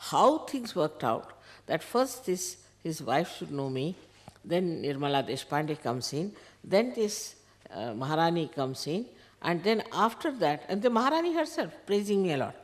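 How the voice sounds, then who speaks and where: Older woman telling a lively anecdote. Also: sits low. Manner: animated anecdote, quoting others in dialogue, soft laughs. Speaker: spiritual teacher. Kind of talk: storytelling talk to followers.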